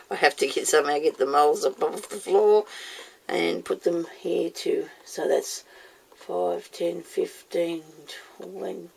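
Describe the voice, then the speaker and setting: A woman's voice: lowish voice, fairly even intonation, slow, gravelly, breathy edge. A woman chatting casually as she demonstrates making moulds, talking herself through each step and scolding herself by name. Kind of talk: casual how-to video.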